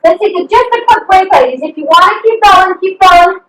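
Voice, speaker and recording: A high, lively woman's voice coaching a workout class over a video call, upbeat and encouraging, letting out whoops between cues. She sounds distant from the mic, with the echo of a room at home around her. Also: fairly quick. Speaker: fitness coach. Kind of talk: live online workout instruction.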